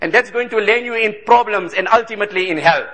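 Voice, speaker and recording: A man's voice: high-pitched, quick pace, pushed and bright. A man preaching an impassioned sermon, emphatic and repeating phrases for stress.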